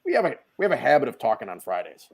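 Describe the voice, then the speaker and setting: A man, a guest on a video call podcast, telling stories in a loud, casual way and acting out the quotes. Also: medium pitch, rapid-fire, gravelly. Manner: animated storyteller, acts out quotes, swears casually. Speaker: guest, dent repair tech. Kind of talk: casual storytelling chat.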